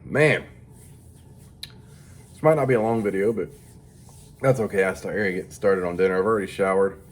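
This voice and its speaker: A man's voice: low-pitched, normal speed. A tired man rambling through a crude, profane casual monologue as a vlogger. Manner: profane, rambling, mock-tough.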